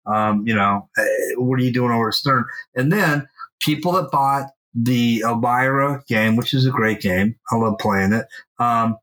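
Bright-voiced man telling a story casually. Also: medium pitch, moderate pace, low-quality recording. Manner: animated, profane storyteller. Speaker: podcast co-host. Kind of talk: casual chat. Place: at home.

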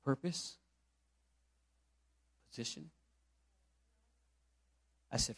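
A man's voice: on the high side, moderate pace, pauses often, a bit bright, no echo, studio quality. A man from Puerto Rico preaching a sermon, telling a story and asking the congregation rhetorical questions. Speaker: pastor.

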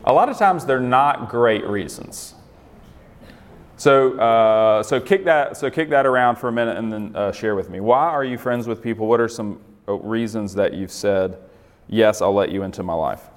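A man's voice: on the low side, moderate pace, in a large hall. A man giving a casual sermon, conversational, asking the group questions and laughing often. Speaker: pastor.

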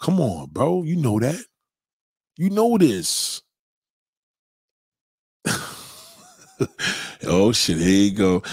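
Husky New man, brash live-stream rant, dry close sound. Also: fairly low pitch, sing-song, extremely slow, pauses often, no room sound. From New York. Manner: loud, swaggering, laughs often. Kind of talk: casual profane rant to viewers.

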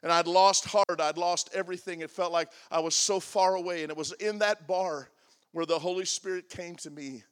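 A man's voice: high-pitched, steady tone, normal speed. Man in his sixties preaching a sermon. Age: 60s. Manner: confessional, shifting from loud emphatic to hushed and soft. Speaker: pastor.

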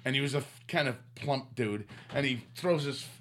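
A man's voice: medium pitch, moderate pace, a bit bright, slight background noise. A middle-aged man, a podcast co-host, telling profane, rambling stories in casual chat.

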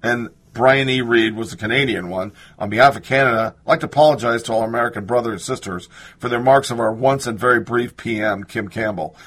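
A man's voice: medium pitch, quick pace, a bit bright, husky. A man reading news aloud and reacting to it with sarcastic, indignant asides. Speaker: political commentator.

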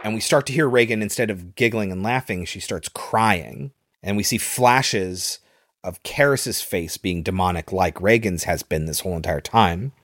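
Man, low voice, casual film recap host, dry close sound. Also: moderate pace, fairly bright tone, no echo. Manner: loose storytelling with fillers.

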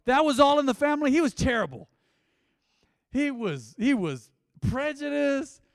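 Casting: male preacher in his fifties, high voice, chatty call-and-response sermon, close dry mic with a long hall tail. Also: big pitch swings, moderate pace, creaky. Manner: call-and-response, conversational, asks congregation to repeat. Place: church sanctuary.

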